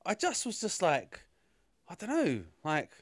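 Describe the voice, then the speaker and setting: A man's voice: sits high, huge pitch swings, unhurried. A man rants about a film on a casual podcast. He rambles, swears freely and sounds exasperated, and his voice is close and dry with no room echo. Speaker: film reviewer.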